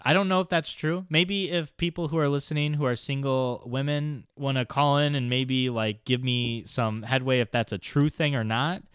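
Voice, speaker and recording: Bright-voiced man in casual chat. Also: medium pitch, steady tone, moderate pace, few pauses, clear, resonant tone, no room sound, clean studio sound. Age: middle-aged. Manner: chatty, laughs often, acts out quotes. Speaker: podcast co-host.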